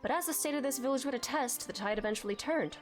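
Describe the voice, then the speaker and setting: A woman reading aloud as a calm, courteous young male prince in an even, measured way. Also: high-pitched, faint music behind, natural voice.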